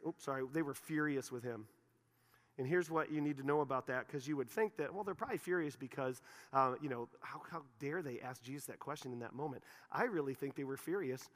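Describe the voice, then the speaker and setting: A man preaching a sermon, animated, acting out the disciples in quick voiced asides. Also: medium pitch. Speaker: pastor. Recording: long hall reverb.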